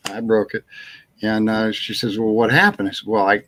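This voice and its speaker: A man's voice: lowish voice, flat delivery, moderate pace, a bit bright. A man hosting a casual live chat show, telling a long rambling anecdote, chuckling and acting out what people said. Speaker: host.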